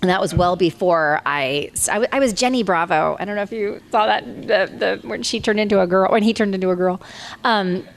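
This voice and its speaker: A woman in her forties speaks at a convention panel, telling stories in an animated, conversational way. Her pitch sits in the middle of the female range. She jumps up higher when she acts out what other people said. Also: fairly quick, a little hiss or hum. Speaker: voice actress, panel guest.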